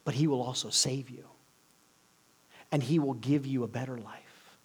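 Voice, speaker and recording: A male preacher delivers an earnest sermon in a husky, mid-pitched voice. He swings between loud, emphatic lines and hushed, near-whispered ones. His pace often slows for weight. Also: fairly even intonation.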